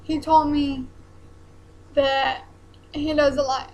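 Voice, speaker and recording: A young woman, talking haltingly in a personal vlog while close to tears. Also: high voice, little pitch movement, darkish tone, low-quality recording. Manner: hesitant, halting, many ums and restarts.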